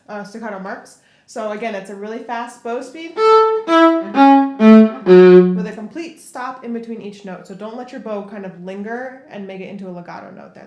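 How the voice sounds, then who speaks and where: A woman teaching a viola lesson, talking through bowing step by step between played passages. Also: mid-range voice. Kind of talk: instrument tutorial. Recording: echoey room with loud viola playing.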